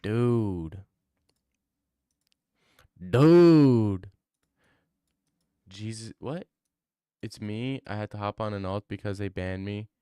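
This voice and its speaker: A man's voice: lowish voice, fairly even intonation, a little slow, warm tone, clean tone, no room sound, studio quality. Joking man riffing with a chat. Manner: rambling, joking banter with chat. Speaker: streamer. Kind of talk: casual livestream chat.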